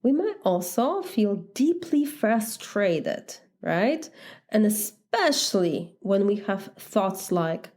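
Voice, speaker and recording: A woman from Poland whose Polish accent colors her English, speaking as a life coach in a mid-pitched voice. She talks to listeners in a reflective, conversational way, open and earnest, breaking into the odd laugh. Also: sing-song, slow, a little mellow. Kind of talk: reflective podcast monologue.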